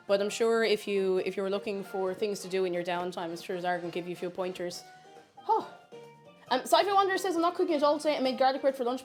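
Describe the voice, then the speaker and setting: A woman chatting bubbly on a livestream, reading chat messages aloud while she bakes. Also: medium pitch. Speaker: streamer.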